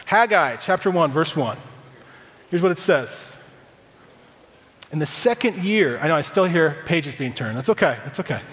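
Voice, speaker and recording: A man's voice: on the high side, lively intonation, normal speed, long pauses, a bit bright. A man in his thirties, a pastor, giving a conversational, upbeat sermon to a church congregation with personal stories. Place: church sanctuary. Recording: reverberant church hall.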